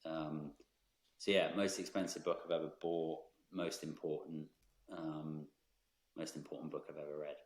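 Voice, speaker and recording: A man, a brand founder speaking as a guest in a podcast interview, thoughtful and measured with frequent ums. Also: rumbling low, little pitch movement, echoey room.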